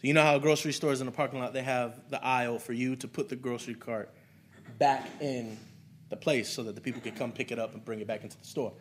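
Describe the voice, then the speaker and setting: A man's voice: mid-range voice, steady tone, fast talker, a little hiss or hum. A man preaching a sermon as a pastor, speaking to his church in a conversational, storytelling way.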